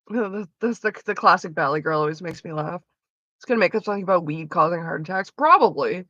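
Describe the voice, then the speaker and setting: A woman's voice: lowish voice, animated, fairly quick, sharp tone, no echo, muffled recording. A woman streaming from home, chatting casually while gaming, blunt and sarcastic with lots of swearing, coughing now and then from smoking. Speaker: live streamer.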